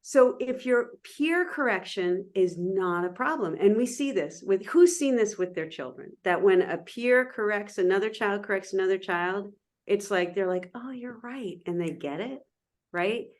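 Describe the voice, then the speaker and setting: A middle-aged woman giving a lively, interactive online lecture over a video call, often checking in with her listeners. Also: medium pitch, normal speed. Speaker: guest presenter.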